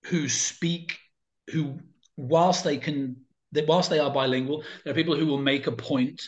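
A man's voice: on the high side, muffled recording. A man chatting casually as an interview guest, talking in loose, rambling sentences full of fillers and restarts.

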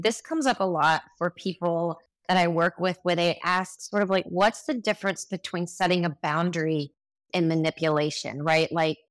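A woman's voice: sits low, dry recording. A woman hosting a podcast, who reflects on what she hears and asks thoughtful questions. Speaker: podcast host. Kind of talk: podcast interview.

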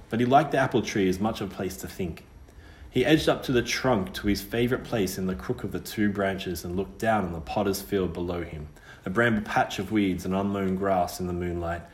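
Low-voiced man reading a story. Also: roomy sound. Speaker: audiobook reader. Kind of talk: storybook narration.

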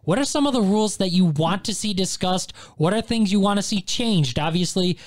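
A man with a notably high voice hosts a casual sports talk show. He keeps the conversation moving, setting up topics and inviting listener input with upbeat energy. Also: expressive, brisk. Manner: upbeat, steers the segment, reads social handles. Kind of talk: casual sports radio chat.

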